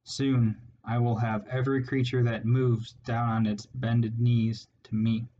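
A man's voice: mid-range voice, flat delivery, a little slow, warm tone, highs cut off, a little hiss or hum, lightly acted. A man doing a sneering rat warlord. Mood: gloating. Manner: sneering, ranting, menacing. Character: cruel arrogant male rat warlord.

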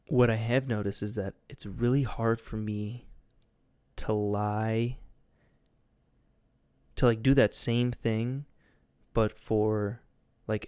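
A man's voice: on the low side, darkish tone, clear, resonant tone, dry recording, studio quality. A young man rambling casually as a podcast host, loose and goofy, with lots of fillers and swearing.

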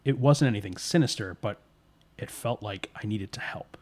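A man recounts a spooky story in a relaxed, conversational way, with a voice sitting on the low side. He drops into short quoted lines for the characters as he goes. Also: normal speed.

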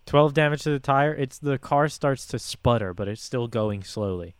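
A man's voice: medium pitch, normal speed, very noisy. Laid-back man running a tabletop game. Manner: laughs often, describes the scene in a loose, relaxed way. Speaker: game master.

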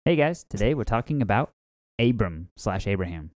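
A man's voice: lowish voice, very animated, moderate pace. A man co-hosting a podcast, chatting casually with playful, dry jokes. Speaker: podcast co-host. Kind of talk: casual chat.

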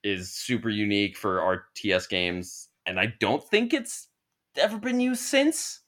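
Man, podcast host, casual chat, jokey, laid-back, lively pitch. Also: a little slow.

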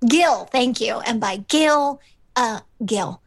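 A woman's voice: a little high, animated, slow, vocal fry, no echo. Chatty woman recapping an episode. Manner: rambling with many fillers, acts out characters' lines. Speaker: podcast co-host. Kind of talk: casual recap chat.

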